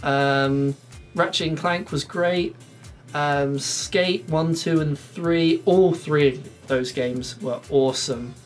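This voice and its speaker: A man's voice: on the high side, fairly even intonation, slow, soft background music. A man from England chatting casually on a podcast, rambling and laughing often. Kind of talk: casual chat. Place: shed studio.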